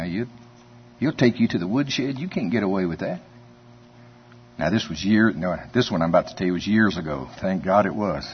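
A man's voice: fairly low pitch, slight background noise. A man preaching a sermon in a folksy, conversational way, telling stories and chuckling often. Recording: dull lo-fi sermon recording.

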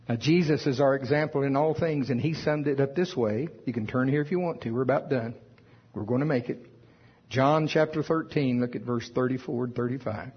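A man's voice: mid-range voice, husky, muffled recording. A man preaching a sermon with emphasis, reading scripture aloud in old wording. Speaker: pastor.

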